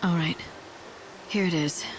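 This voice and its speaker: An actress as a calm, earnest young heroine. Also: female voice, lowish voice, noisy background, close to an everyday voice. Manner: calm, measured, soft-spoken. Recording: game audio over clear music.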